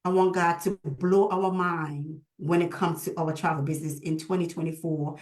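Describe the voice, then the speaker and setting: A woman's voice: fairly low pitch, normal speed. Prayerful woman host on an echoey call. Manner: prayerful and emotional, with lively retold dialogue. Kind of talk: heartfelt closing remarks on a video call. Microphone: video call.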